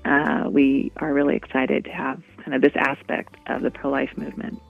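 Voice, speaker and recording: A woman's voice: rumbling low, monotone, normal speed, vocal fry, soft background music. A woman guest in a radio interview, talking in a rambling way with many restarts. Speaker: guest, walk co-founder. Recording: dull lo-fi radio audio.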